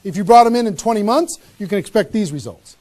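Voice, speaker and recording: A man with a high-pitched voice leads a motivational sales seminar. He talks with punchy emphasis and fires off rhetorical questions to a small live audience. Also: expressive, quick pace, a little mellow. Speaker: network marketing trainer.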